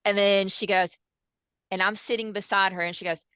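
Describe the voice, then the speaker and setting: A woman, a hypnosis practitioner telling session stories in a lively way, with many fillers and quoted dialogue. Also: medium pitch, moderate pace, clean tone, no room sound. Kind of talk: animated storytelling in casual chat.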